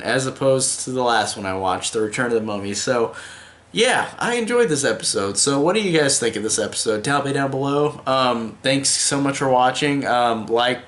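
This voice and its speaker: A young man talks through an episode review casually, rambling and restarting often. His voice is mid-pitched and sounds roomy, with a clear echo. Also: a bit bright. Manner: rambling, with many fillers and restarts. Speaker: video reviewer.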